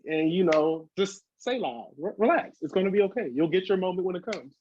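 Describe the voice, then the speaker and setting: A man who is a hip hop artist, talking as a podcast guest in a loose, animated way, swearing freely and acting out quoted voices. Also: high-pitched, brisk, few pauses, no echo, dull audio. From Southern California. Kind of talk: casual podcast interview.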